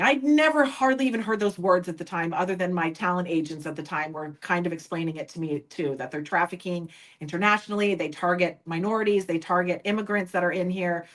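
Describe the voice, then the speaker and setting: A woman guest on a podcast speaks candidly about her past, acting out other people's lines whenever she quotes them. Her voice is lowish and she talks fairly quickly with hardly any pauses, on a low-quality recording.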